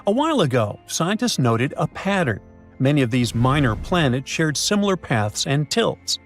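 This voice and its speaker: A man's voice: fairly high pitch, sing-song, moderate pace. A man giving scripted science narration in a dramatic, playful way with jokey asides. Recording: faint music behind.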